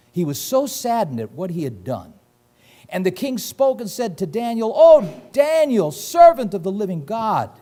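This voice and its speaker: A man's voice: mid-range voice, a little mellow. A middle-aged man teaching verse by verse through a Bible passage, reading scripture aloud with dramatic emphasis and laughing often as he explains it.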